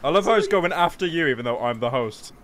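A man's voice: a little high, expressive, quick pace, fairly bright tone, a little hiss or hum. A British man hosting a co-op game session, swearing and teasing his friend in casual chat. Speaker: game host.

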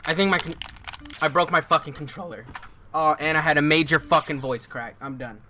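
A man giving gameplay commentary as a gaming YouTuber, cursing and yelling in frustration. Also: on the high side, fairly quick, noisy background.

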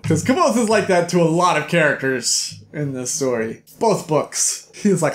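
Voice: medium pitch, lively intonation, a little slow, hardly any pauses. A book reviewer talks through a novel in a loose, chatty recap. The tone is playful, with jokey asides aimed straight at the listener.

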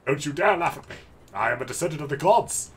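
A man's voice: a little high, lively intonation, quick pace, slight background noise, voice pushed up, lightly acted. A man voicing a pompous self-styled nobleman of thirty-five, who scorns others in grand, old-fashioned wording. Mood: haughty.

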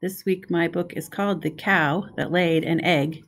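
A middle-aged preschool teacher reads a picture book aloud, expressive and friendly, pointing out the pictures as she goes. Her voice sits on the low side and her pace is a little slow.

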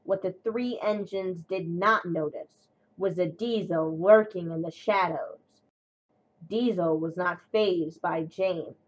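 A woman narrating a children's storybook tale in a steady, even way. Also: lowish voice, takes it slowly, poor audio.

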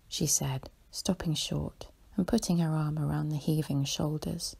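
A woman reading a sleep story aloud in a calm, hushed whisper. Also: low-pitched, a little slow, few pauses. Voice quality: husky, creaky whisper. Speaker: bedtime story reader.

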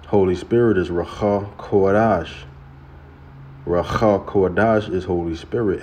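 A man teaching scripture in a casual way, often saying "man" and "you know" and chanting sacred names slowly. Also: low voice, fairly even intonation, a little mellow. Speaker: religious teacher.

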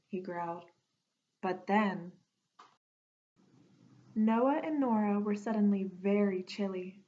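Woman reading a kids' storybook, real slow and gentle, dull lo-fi sound. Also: medium pitch. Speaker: storybook reader. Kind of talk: reading a children's picture book aloud. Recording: dull lo-fi recording.

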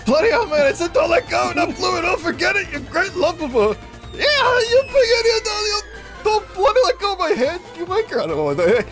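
A man voicing a hot-tempered pirate villain, cursing and shouting insults while playing a video game. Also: very high voice, sing-song, a little fast, over loud music, voice pushed up. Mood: blustering.

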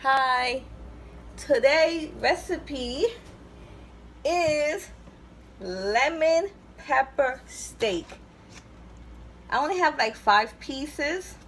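A woman's voice: high-pitched, lively intonation, extremely slow, pauses often, fairly bright tone, slight background noise. A woman hosting her own cooking video in a home kitchen, chatting casually as she explains each step and fondly repeats herself. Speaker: cooking channel host.

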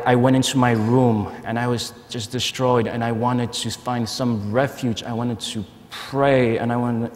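A young man tells a personal testimony in an earnest, storytelling way, often doubling words as he goes. His voice sits a little low and carries the long reverb of a large conference hall. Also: darkish tone. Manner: earnest storytelling with stammered repeats. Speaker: conference speaker.

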